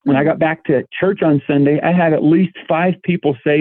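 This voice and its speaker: A man's voice: fairly high pitch, steady tone, brisk, few pauses, no room sound. Middle-aged guy, earnest interview guest, tinny dry phone-line sound. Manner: earnest, restarts words often. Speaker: volunteer guest. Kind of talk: casual interview.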